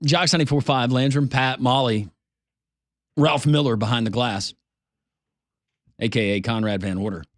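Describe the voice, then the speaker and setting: A man hosting a sports talk radio show, doing a live-read ad in an upbeat pitchman delivery. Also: fairly even intonation, moderate pace, pauses often, dry recording, clean studio sound.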